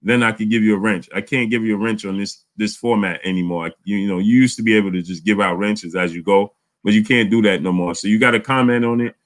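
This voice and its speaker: A man hosting a casual live boxing chat, animated, often repeating words. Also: on the low side, quick pace, few pauses. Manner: animated, repeats words, reads super chats aloud. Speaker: boxing channel host.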